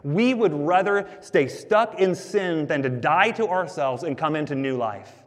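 A man preaching a sermon as the pastor, talking to the congregation in a conversational, animated way. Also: a little high, a little slow, big-room sound.

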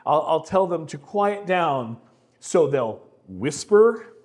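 A man's voice: on the high side, big pitch swings, slow, a little mellow. A middle-aged man preaching a conversational sermon, often repeating words as he starts a sentence. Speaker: pastor.

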